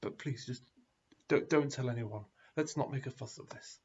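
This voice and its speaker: A man's voice: medium pitch, normal speed, darkish tone, a little hiss or hum, lightly acted. A rabbi voicing a weary male bus driver who stammers and hesitates as he speaks, in a dull lo-fi recording. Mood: reluctant. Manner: stammering, pleading, reluctant.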